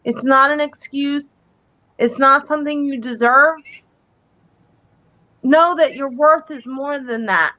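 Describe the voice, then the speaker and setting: Earnest, emphatic high-voiced woman. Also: slow, pauses often, no echo, muffled recording. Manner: earnest, emphatic, repeats key phrases. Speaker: psychic co-host. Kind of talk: live-stream talk show chat.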